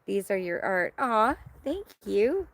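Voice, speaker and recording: A woman's voice: medium pitch, sing-song, slow pace. A middle-aged woman from Canada hosting a casual livestream outdoors, chatting and reading viewer comments in a bubbly, hyper way. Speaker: livestream host. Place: outdoors in her yard.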